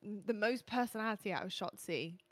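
A young woman chats casually as a podcast co-host, lively and quick to laugh at herself. Her voice sits at a middle pitch. It is recorded dry and close, with almost no room sound. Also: no echo. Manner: lively, self-mocking, laughs often. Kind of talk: casual chat.

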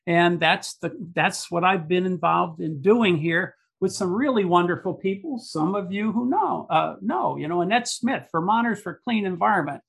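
A man speaks in a gravelly, husky voice that sits a little high. He rambles as he talks, hesitating often and filling pauses with "uh" and "you know.". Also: fairly bright tone. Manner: rambling, hesitant, many fillers. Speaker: environmental activist guest. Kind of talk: casual conversation.

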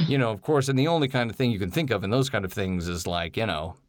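Male host, filler-heavy storyteller, animated delivery, dry mic. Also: lowish voice, quick pace, no room sound. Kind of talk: candid storytelling chat.

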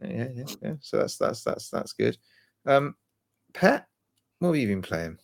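A man's voice: medium pitch, sing-song, measured pace, creaky, dry recording, studio quality. A man hosting a casual gaming podcast, teasing his co-hosts with sarcastic quips. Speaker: podcast host.

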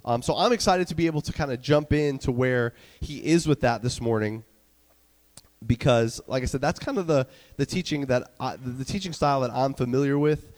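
Stuffy-voiced young pastor, fast and chatty. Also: male voice, medium pitch, darkish tone, in a large hall. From New York. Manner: quick-talking, chatty, many fillers and restarts. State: stuffy, getting over a cold. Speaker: student director preaching. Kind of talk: casual conversational sermon. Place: church sanctuary.

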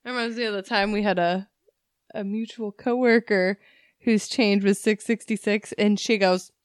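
A young woman with a mid-range voice co-hosts a casual chat at a moderate pace, recorded dry in studio quality. She's an animated storyteller, swearing freely and acting out quotes as she goes.

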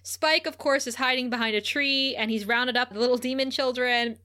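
Bright, high-voiced giggly woman podcaster. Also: fairly even intonation, normal speed, clean tone. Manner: giggly and chatty, laughs often. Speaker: podcast co-host. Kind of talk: casual episode recap chat.

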